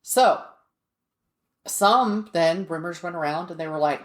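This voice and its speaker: A woman's voice: lowish voice, a little slow, long pauses, reverberant. A woman co-hosting a podcast, telling a story in a chatty, casual way and laughing now and then mid-sentence. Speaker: podcast co-host.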